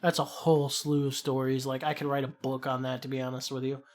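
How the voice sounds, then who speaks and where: Medium in pitch and fairly quick, this young co-host carries a Chicago accent. He's on a podcast, rambling through profanity-laced stories in an animated, casual exchange.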